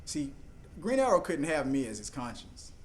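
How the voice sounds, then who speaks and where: A young man hosting a live TV reaction, rambling and joking excitedly as he talks over the episode. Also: moderate pace. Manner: excitable, rambling, jumps into high put-on voices for jokes. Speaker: reaction video host.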